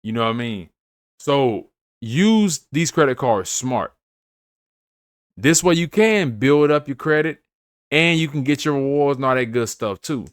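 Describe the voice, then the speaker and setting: A man's voice: medium pitch, expressive, measured pace, no room sound, studio quality. A man hosting a finance channel, giving casual, emphatic advice to camera in a slangy way, often checking in with "you feel me". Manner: slangy, repeats phrases, asks "you feel me"; emphatic, preachy.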